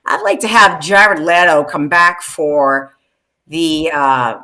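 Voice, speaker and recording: A woman's voice: sits low, slow, pushed and bright. A woman co-hosting a casual live-stream chat, chatty and laughing, greeting viewers by name. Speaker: podcast co-host.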